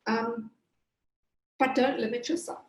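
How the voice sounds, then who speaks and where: A woman's voice: fairly high pitch, steady tone, unhurried, slight background noise. A woman pastry chef from Zimbabwe giving a chatty step-by-step cooking demonstration with plenty of fillers. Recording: echoey room.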